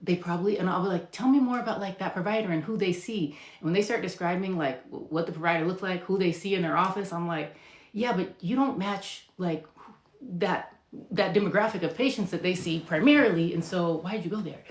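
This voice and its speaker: A nurse practitioner answers viewer questions in a casual live chat, her voice on the low side and a little fast. She's emphatic and talkative, using lots of fillers and acting out what patients say, and the room is echoey.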